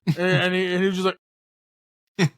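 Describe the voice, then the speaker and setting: A man's voice: sits high, flat delivery, a little slow, a bit bright, no room sound, clean studio sound. Rambling, swearing male podcast host. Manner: rambling, swearing, acts out lines with laughs. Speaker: podcast host reviewing a movie. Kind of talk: casual chat.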